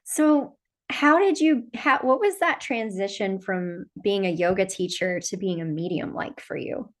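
A woman's voice: mid-range voice, measured pace. A woman hosting a casual interview, affirming her guest and laughing often. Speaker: podcast host.

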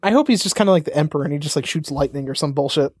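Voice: medium pitch, expressive, rapid-fire, darkish tone, husky. A podcast co-host in casual chat, rambling and swearing freely as they joke around. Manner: rambling, profane, joking. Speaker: parent.

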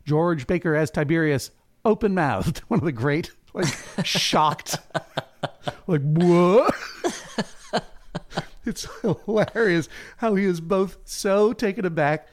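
A man's voice: a little high, animated, slow. A man co-hosting a podcast who recaps a television drama in a wry, playful way and acts out the characters' lines. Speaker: podcast co-host. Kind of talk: comedic recap chat.

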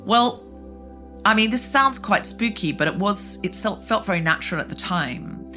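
A woman podcast host telling a personal story in earnest, halting chat. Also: mid-range voice, expressive, bright, forceful tone, faint music behind. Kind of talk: casual chat.

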